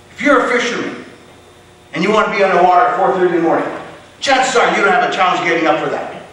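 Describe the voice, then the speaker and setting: A man giving a motivational contest speech to a club, emphatic, with deliberate pauses and punched key words. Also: high-pitched, a bit bright. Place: club meeting room. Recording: echoey room from far off, faint hiss.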